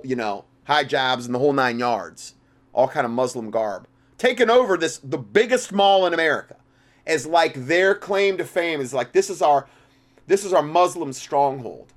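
This talk show host gives a religious and political commentary monologue that is impassioned and rambling, full of restarts and big jumps in volume. His voice is a little high and expressive, moving at a moderate pace.

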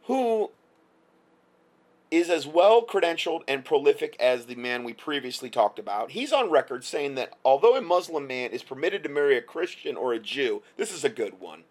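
A man's voice: fairly high pitch, very animated, normal speed. A male commentator delivering a heated, sarcastic opinion rant, stumbling through repeated restarts.

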